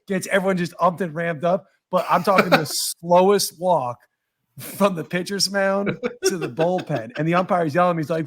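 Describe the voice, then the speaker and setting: A man on a sports podcast, riffing on a joke idea quickly and laughing along. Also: sits high. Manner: joking, rapid, laughing. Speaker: podcast co-host. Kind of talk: casual sports chat.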